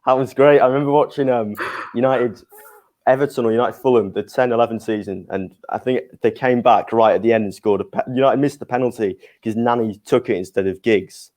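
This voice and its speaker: A man's voice: medium pitch, steady tone, brisk, a little mellow. A young man chatting casually on a podcast, laughing through his stories. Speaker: podcast co-host. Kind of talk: casual pub chat.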